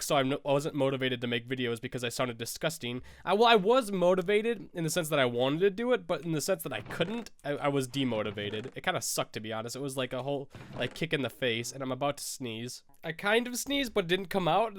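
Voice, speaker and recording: This young American man, a Minecraft YouTuber, has a cold and sounds stuffy, sniffling while he rambles and self-corrects through laid-back gameplay talk. The voice is a little high and a bit bright, recorded at studio quality with no echo.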